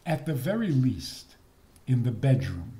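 A man's voice: mid-range voice, sing-song, unhurried, mellow. A man giving a humorous lecture on marriage, playful and chuckling at his own jokes.

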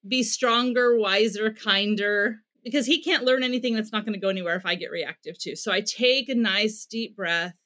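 A woman's voice: medium pitch, animated, fast talker, few pauses, sharp tone. A middle-aged woman, a parenting expert, answering in an interview and explaining her methods earnestly, acting out short bits of dialogue as examples.

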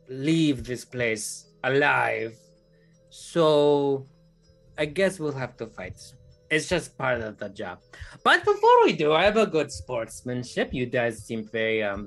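A man doing a sneering man-eating creature with a thick put-on Eastern European accent. He draws out his threats slowly, and his pitch swoops up and down as he taunts. Faint music plays underneath. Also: a bit bright, heavily acted. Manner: slow, drawn-out, menacing taunting. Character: sinister male creature that eats people, mocking. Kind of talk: game master voicing a villain.

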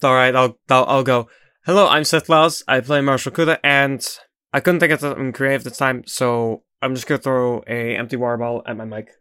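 A man's voice: medium pitch, fairly even intonation, fairly quick, bright, forceful tone, clean tone. A man playing in a tabletop game podcast, making goofy jokes while introducing himself. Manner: goofy, teasing. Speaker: player. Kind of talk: casual podcast banter.

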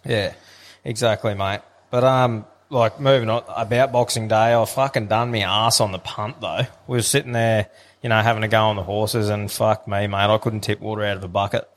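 A man's voice: lowish voice, normal speed. An Australian man in casual podcast chat, blokey and loose with his language. He tells stories with plenty of energy, dropping swear words as he goes. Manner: blokey, swears freely, animated storytelling. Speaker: podcast co-host.

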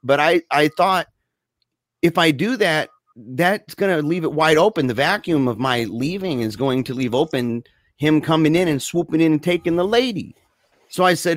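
Animated, self-mocking man telling a story. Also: on the high side, brisk, no room sound, studio quality. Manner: rambling, animated, self-mocking, lots of fillers. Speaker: guest storyteller. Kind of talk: casual storytelling chat.

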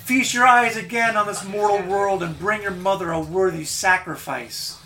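A man's voice: sits high, moderate pace, bright, forceful tone, reverberant, slight background noise, pitched above the performer's own voice, low-quality recording. A man voicing an ancient serpent-haired woman who speaks as a commanding mother.

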